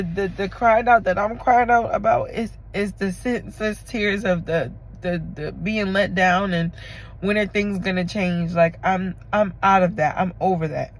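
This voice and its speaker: A woman talking to her camera in an emotional confessional vlog, tearful and halting as she rambles through her feelings. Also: mid-range voice, low-quality recording. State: tearful from crying. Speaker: vlogger.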